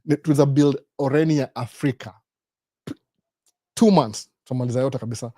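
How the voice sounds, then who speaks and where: A man's voice: medium pitch, moderate pace, warm tone, no room sound, clean studio sound. A middle-aged Kenyan man with a Kenyan accent hosting a casual live Q&A stream, rambling through stories and acting out the voices of the people he quotes. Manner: rambling storyteller, acts out quoted voices, often adds "by the way". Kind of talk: casual live-stream chat mixing Swahili, Sheng and English.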